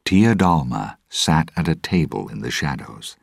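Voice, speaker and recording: A male narrator reading a storybook at a steady, deliberate pace. His voice is extremely deep, slow and husky, recorded dry and close. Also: dry recording.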